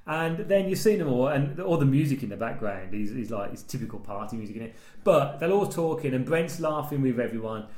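A man recapping a TV series in casual chat, animated and acting out the characters' lines. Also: mid-range voice, a little fast, few pauses. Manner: animated storytelling, acts out lines. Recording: roomy, echoey room.

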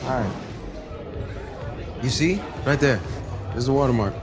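A man's voice: mid-range voice, measured pace, close to an everyday voice. An actor playing a young man protesting that his banknote is real. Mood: indignant. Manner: protesting, incredulous. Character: indignant young man accused of fake money. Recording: TV clip with music and crowd.

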